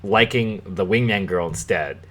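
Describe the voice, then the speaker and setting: A man's voice: deep voice, a little slow, a bit bright. Rambling, profane young man. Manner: rambling, profane, chuckling storyteller. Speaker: podcast host. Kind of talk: casual chat.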